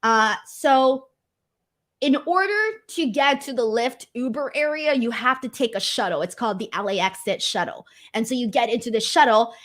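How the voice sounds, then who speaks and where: Her voice is fairly high and fairly bright. She's a young wrestling show host on a casual livestream, reading super chats and sharing funny, self-deprecating stories in a chatty manner.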